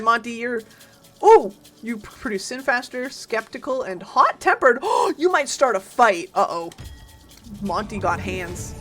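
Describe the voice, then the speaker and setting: Woman streamer, casual game commentary, animated pitch, lots of loud reactions. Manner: chatty, reacts loudly and talks to chat and game followers.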